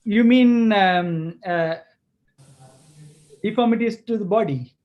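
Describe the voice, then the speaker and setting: A man from Kerala, India, answering questions as a guest lecturer in a webinar, speaking haltingly with many restarts over a video call. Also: high-pitched, lo-fi sound. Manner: halting, hesitant, full of restarts.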